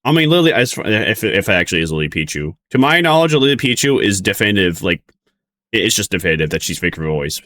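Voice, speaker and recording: Low-voiced man rambling through a reaction stream. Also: very animated, fast talker, fairly bright tone. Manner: rambling, laughs often, mocking sing-song outbursts. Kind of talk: casual reaction commentary.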